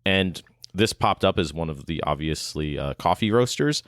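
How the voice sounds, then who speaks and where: A man's voice: low-pitched, animated, normal speed, a bit bright, dry recording, studio quality. A man co-hosting a podcast, chatting casually in a rambling, hesitant way with lots of fillers. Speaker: podcast co-host.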